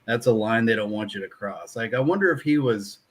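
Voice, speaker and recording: A man's voice: on the low side, a little fast, slightly rough. A man co-hosting a casual film podcast, thinking aloud with lots of "like". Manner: musing, thinks aloud with many "like"s. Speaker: podcast co-host. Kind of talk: casual chat about a film.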